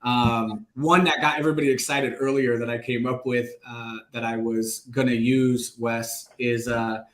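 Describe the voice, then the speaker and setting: A man's voice: mid-range voice, moderate pace. A male host chatting casually and upbeat about cold calling in a live online session. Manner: upbeat, relaxed, casual filler-heavy talk. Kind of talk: live online sales chat. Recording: roomy echo.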